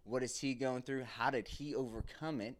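A man's voice: mid-range voice, fairly even intonation, moderate pace, a little hiss or hum. A man hosting his own podcast, telling a candid, rambling story about home life in a casual monologue. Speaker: podcast host. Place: Texas, recorded live.

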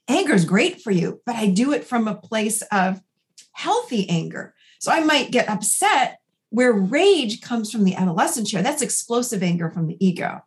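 Woman, 40s, therapist guest; animated, conversational storyteller. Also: on the high side. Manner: animated storyteller acting out dialogue. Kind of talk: conversational podcast interview.

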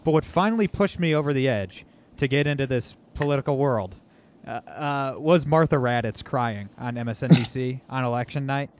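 A man's voice: mid-range voice, lively intonation, moderate pace, a little hiss or hum. A man hosting a political podcast, talking casually and animatedly, mocking and laughing often. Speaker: podcast host. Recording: dull lo-fi audio.

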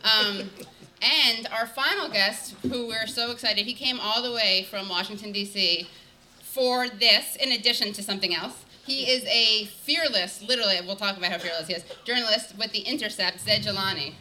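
A woman's voice: mid-range voice, normal speed, pushed and bright, a little hiss or hum. A woman hosting a live talk show, chatty and joking, going off on tangents as she introduces guests. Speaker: podcast host.

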